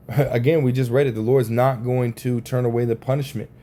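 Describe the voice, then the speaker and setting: A man's voice: mid-range voice, steady tone, moderate pace, warm tone. Profane, casual man teaching scripture. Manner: casual and profane, frequent "right?" and "man" tags. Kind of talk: informal religious teaching.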